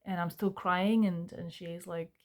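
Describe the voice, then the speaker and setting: A young woman, talking earnestly and haltingly to camera about healing, with many fillers and restarts. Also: lowish voice, steady tone, darkish tone. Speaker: self-help vlogger. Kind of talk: reflective personal talk to camera.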